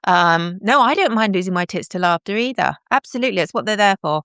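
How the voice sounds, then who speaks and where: A woman's voice: mid-range voice, animated, fast, a bit bright, no echo, clean studio sound. A middle-aged woman, chatting in a bubbly, self-deprecating way to commenters on her live stream. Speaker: livestream host.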